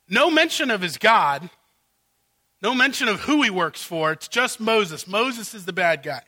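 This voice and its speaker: A man preaching a sermon from the pulpit, his voice sitting high and cutting with a sharp, bright edge. He works through a passage verse by verse and breaks into dramatized paraphrases of the characters to make his point. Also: lively intonation, unhurried. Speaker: pastor.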